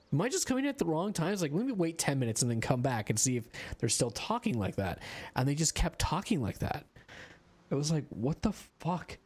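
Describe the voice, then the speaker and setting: A man's voice: mid-range voice, a little mellow, breathy edge. A tired young man streams a game and chats in a casual, goofy way. His voice rises and falls a lot. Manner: goofy, reads dialogue aloud in put-on voices. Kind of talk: casual gameplay commentary.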